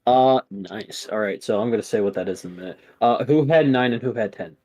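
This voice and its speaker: A man's voice: fairly low pitch, fairly quick, a little mellow. A man running a tabletop game as game master, narrating casually with many fillers.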